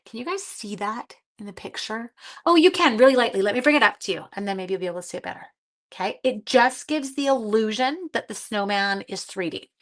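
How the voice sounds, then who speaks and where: In a slightly fast, animated, higher-pitched voice, a middle-aged woman runs a live crafting stream despite being short on sleep. She chats away with her viewers while working on her project.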